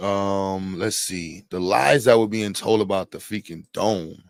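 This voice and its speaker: A middle-aged man hosts a casual livestream. He jokes and rambles, breaking into loud bursts and laughs. The sound is dry and close to the mic. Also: low-pitched, unhurried, gravelly, no echo. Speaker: livestream host.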